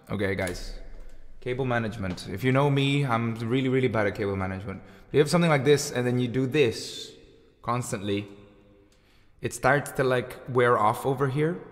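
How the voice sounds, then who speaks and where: A rambling thirty-year-old man hosting a casual music livestream, filling his talk with likes and ums. His mid-pitched voice rings with a long reverb tail, as if in a hall. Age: 30s. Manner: rambling and chatty, full of fillers. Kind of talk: casual chat reading out viewer comments. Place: home room with lights and guitar gear.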